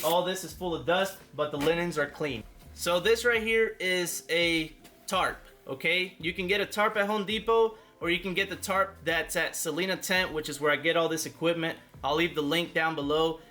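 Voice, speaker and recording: A man's voice: fairly high pitch, bright, forceful tone. A man showing gear and explaining it in a casual how-to walkthrough, often ending his points with "okay?". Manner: instructive, ends points with "okay?". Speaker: party rental business owner. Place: warehouse.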